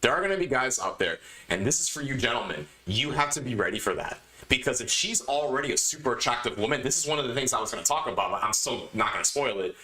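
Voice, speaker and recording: A man's voice: medium pitch, animated, fast talker, few pauses, pushed and bright. A man hosting a podcast, giving emphatic, lecturing advice in a casual monologue. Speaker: podcast host. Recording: echoey room.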